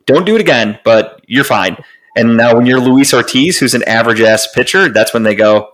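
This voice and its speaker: A man in casual podcast sports talk, medium-pitched voice. He rambles and restarts his sentences often and swears freely. His tone stays loose and conversational. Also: expressive, a little fast, fairly bright tone, rough recording. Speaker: podcast co-host.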